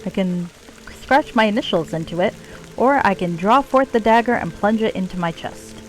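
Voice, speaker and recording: A woman's voice: medium pitch, expressive, moderate pace, slight background noise, rough recording. Wry woman streaming a game. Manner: wry and sarcastic, reads game text aloud. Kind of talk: casual game commentary.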